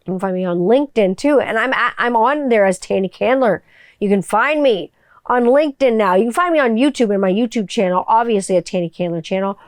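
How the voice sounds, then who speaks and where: On her solo podcast, a voiceover artist chats casually about her kids, jokey and profane. She has a fairly high voice with lively intonation and a brisk pace, and the recording is clean studio sound with no echo.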